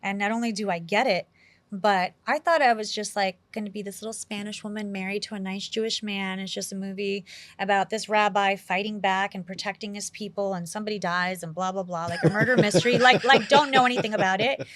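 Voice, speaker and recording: Animated woman telling stories in an interview. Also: mid-range voice, brisk, no echo. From New York City. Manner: animated, quotes herself often, heavy use of "like". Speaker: actress, interview guest. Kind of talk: casual interview storytelling.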